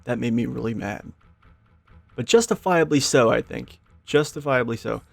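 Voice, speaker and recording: A man giving casual let's-play commentary, swearing freely and quick to rant at game characters. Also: medium pitch, creaky, soft background music. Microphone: desk microphone.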